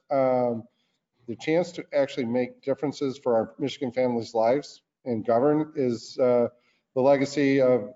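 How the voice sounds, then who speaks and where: A man speaking as a senator guest in an interview, in a deliberate, earnest way. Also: medium pitch, warm tone. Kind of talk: political interview talk. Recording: dull lo-fi sound.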